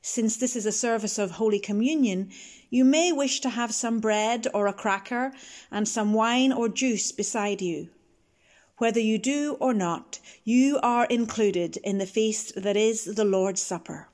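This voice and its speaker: A woman, a minister leading a communion service and prayers in a measured, gentle manner. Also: on the high side.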